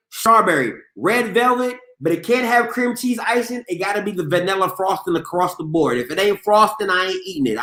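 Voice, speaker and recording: A man hosting a casual sports call-in show, playful and loud, reading the chat aloud and breaking into shouts and laughter. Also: sits high, reverberant. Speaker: sports show host taking callers.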